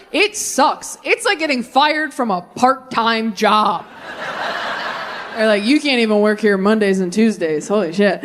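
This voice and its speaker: A young woman works a live crowd on stage, her voice on the higher side and her banter fast and self-mocking. A faint wash of room ambience sits behind her mic. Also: a bit bright, a little hiss or hum. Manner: quick, self-mocking, riffing with the audience. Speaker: stand-up comedian. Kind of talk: stand-up set with crowd work. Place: theater stage before a live audience.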